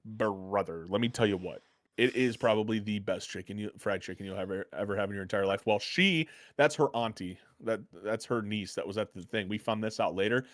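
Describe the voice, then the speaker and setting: An American man telling a rambling, profane story in a casual podcast chat, getting excited as he goes. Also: lowish voice, a little fast, no room sound, studio quality. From United States. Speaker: podcast co-host.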